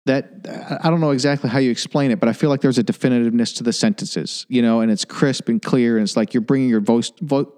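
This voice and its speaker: A man hosts a relaxed interview and thinks aloud as he asks his questions. His voice is dark and mellow, with a steady middle pitch. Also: fast, hardly any pauses, smooth. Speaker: podcast host. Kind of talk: casual interview chat.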